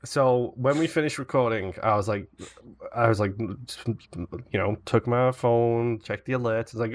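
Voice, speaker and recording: A man's voice: medium pitch, unhurried. A man from England, co-hosting a casual gaming podcast, teasing and playful as he tells his stories. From northern England. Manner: teasing, playful, animated storytelling. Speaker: podcast co-host.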